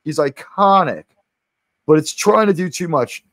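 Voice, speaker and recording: A man's voice: on the high side, lively intonation, unhurried, no echo. A man from New York City hosting a stream, chatting casually about movies, rambling with many restarts and the odd swear word. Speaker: stream host.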